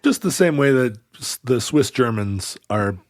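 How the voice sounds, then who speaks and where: A man's voice: medium pitch, expressive, measured pace, darkish tone, dry recording, studio quality. A man co-hosting a podcast, chatting casually and dropping wry jokes. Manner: wry, jokey interjections. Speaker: podcast co-host. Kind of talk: casual chat.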